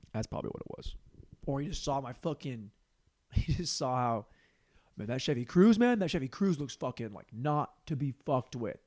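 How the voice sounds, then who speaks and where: Animated, lively-voiced comedian man. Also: medium pitch, normal speed. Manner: animated storyteller acting out voices, swearing freely. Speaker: comedian podcast host. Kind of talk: solo comedy monologue.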